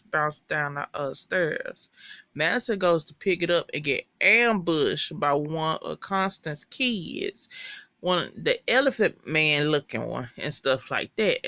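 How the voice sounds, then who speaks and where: A speaker recapping a TV episode in a chatty, animated and profane way. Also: medium pitch, no echo. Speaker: TV show recapper.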